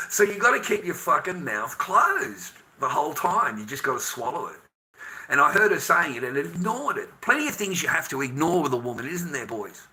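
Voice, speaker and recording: On a livestream, an Australian man in his fifties lectures the men among his viewers in a heated, profane ranting monologue. His voice is a little high with a sharp tone.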